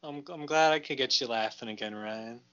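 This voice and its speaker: A man's voice: medium pitch, brisk, a bit bright, smooth, no echo. A man co-hosting a comedy podcast, chatting casually in a playfully mock-earnest, coaxing way. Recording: dull lo-fi recording with faint music.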